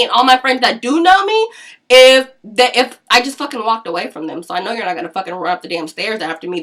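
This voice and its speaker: Young woman, high voice, bright, blunt casual rant with cursing. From Seattle area, US. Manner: blunt, heavy cursing, laughing asides. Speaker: vlogger.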